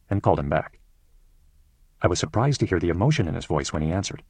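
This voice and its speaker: A man reading his own case story aloud as audiobook narration, with a measured delivery and a husky voice. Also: low-pitched, animated, darkish tone, no room sound.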